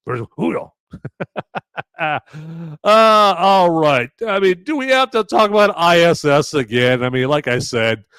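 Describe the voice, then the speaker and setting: A man's voice: medium pitch, no echo, studio quality. A man hosting a live podcast, bantering casually with his chat and swearing freely. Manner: animated and profane, bantering with chat. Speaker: podcast host.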